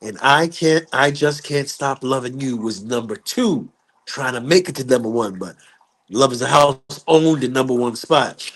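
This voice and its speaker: Animated man telling a wild story. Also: mid-range voice, moderate pace. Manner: acts out quoted voices, curses, lively delivery. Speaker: guest musician.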